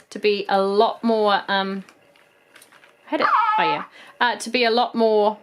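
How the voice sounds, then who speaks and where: A woman in her thirties with a New Zealand accent, chatting casually and a bit ramblingly as she shows off toy finds. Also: mid-range voice. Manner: chatty, rambling, with frequent ums. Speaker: toy collector vlog host. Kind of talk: casual haul video chat.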